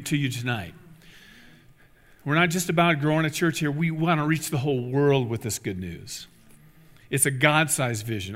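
Middle-aged male pastor, earnest exhorting sermon, mid-pitched voice, long church reverb. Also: a bit bright. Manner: earnest, exhorting, repeats key phrases. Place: church sanctuary.

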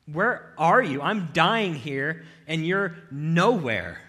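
Brief: male preacher playing an anguished psalmist, loud raised pleas, bright and sharp. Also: a little high, sing-song, takes it slowly, pitched above the performer's own voice, exaggerated voice. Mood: desperate. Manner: pleading, loud outcries.

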